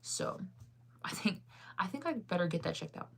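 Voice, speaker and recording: A woman's voice: lowish voice, sing-song, normal speed, creaky, a bit bright. A tired woman in her thirties chatting casually as a vlogger, rambling and saying "like" a lot between yawns. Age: 30s. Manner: rambling, heavy use of "like". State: tired and yawning. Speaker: vlogger reading live chat. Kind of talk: casual chat.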